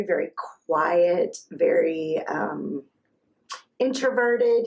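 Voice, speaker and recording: A woman in her thirties, a mother telling her child's story in a documentary interview, speaking in a halting, personal way with pauses. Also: fairly low pitch, vocal fry, low-quality recording.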